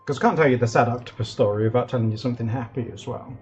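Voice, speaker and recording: Excitable, rambling streamer guy. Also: medium pitch, rapid-fire, highs cut off, soft background music. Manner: rambling, excitable, lots of fillers. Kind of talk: casual live-stream chat while drawing.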